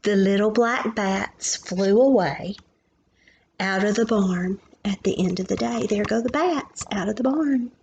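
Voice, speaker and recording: With a gentle manner, a preschool teacher reads a picture book aloud to young children and stops to point at pictures and ask them questions. Her mid-range voice is unhurried; the recording has its highs cut off and a little hiss or hum.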